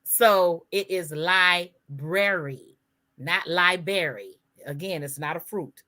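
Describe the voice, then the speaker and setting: A woman's voice: fairly low pitch, measured pace, fairly bright tone. A woman co-hosting a casual podcast chat, emphatic and spelling words out letter by letter. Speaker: podcast co-host.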